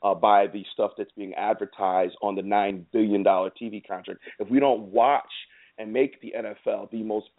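A man's voice: on the low side, fairly even intonation, normal speed. Man, sports host, heated emphatic rant, phone-like tinny audio. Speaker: show host. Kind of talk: ranting sports commentary.

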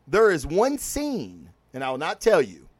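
A man hosting a casual podcast, reviewing a movie and comics in an excited, profane, rambling way with many restarts. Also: fairly high pitch, measured pace, husky, no room sound. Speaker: podcast host.

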